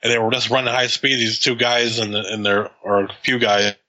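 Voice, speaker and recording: A man in casual chat, reviewing a movie with a friend, swearing freely, laughing and acting out scenes in quick quotes. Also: on the low side, flat delivery, sharp tone, poor audio.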